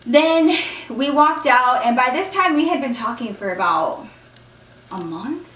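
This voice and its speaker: A woman's voice: sits high, expressive, measured pace, fairly bright tone, a little hiss or hum. A woman vlogger telling a casual story, chatty, often saying y'all and acting out what people said. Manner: chatty, acts out quotes, says y'all. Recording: echoey room, mic at a distance.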